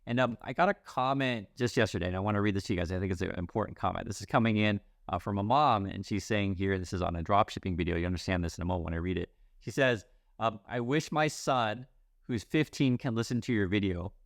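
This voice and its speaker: A man's voice: sits low, fast talker, creaky, no echo, studio quality. A middle-aged man hosting casual news commentary, chatty and wry, with many fillers and restarts.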